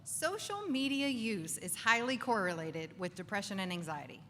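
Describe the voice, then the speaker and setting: A woman giving an animated faith talk to a live audience in a bar, acting out inner voices and asking the crowd for agreement. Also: mid-range voice, moderate pace, slight background noise. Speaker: speaker. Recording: distant voice with long reverb, faint ambience.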